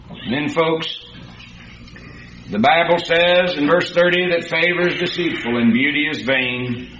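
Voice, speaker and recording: A man's voice: a little high, measured pace, pushed and bright, a little hiss or hum. A man preaching a sermon in a folksy, storytelling way that rises to emphatic peaks. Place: church hall. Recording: dull, echoey hall recording.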